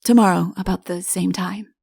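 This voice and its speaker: A woman voicing a wry, shy young man in a fairy tale audiobook, speaking low, quiet and dry. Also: steady tone, moderate pace, vocal fry, husky, no echo.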